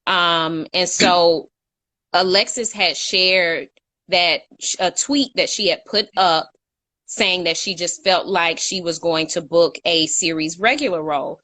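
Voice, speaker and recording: A woman's voice: lowish voice, a little slow, sharp tone. Chatty woman telling a story. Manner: chatty, self-correcting, laughs at her own slips. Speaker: co-host. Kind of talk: casual storytelling chat.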